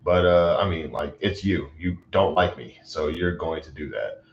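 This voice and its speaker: A man's voice: low-pitched, moderate pace, slight background noise. A man livestreaming, talking agitatedly and rambling with lots of fillers. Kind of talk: casual livestream chat. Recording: roomy, dull lo-fi sound.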